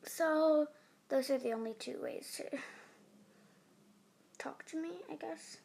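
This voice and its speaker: A woman's voice: high voice, takes it slowly, gravelly, darkish tone, slight background noise. A teenage girl hosting her own podcast, rambling and giggly with lots of fillers. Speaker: podcast host. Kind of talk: casual chat.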